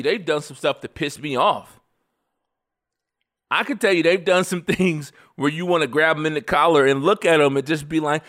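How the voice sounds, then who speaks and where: A man in his forties telling stories in a casual, animated way, emphatic and slangy, laughing often. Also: fairly high pitch. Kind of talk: casual storytelling commentary.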